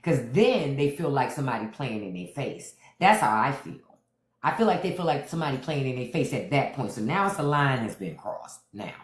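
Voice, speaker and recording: A man's voice: mid-range voice, big pitch swings, fairly quick. A man hosting a casual livestream, giving opinionated political commentary and stopping often to greet viewers by name. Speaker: livestream host. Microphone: phone livestream. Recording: roomy echo.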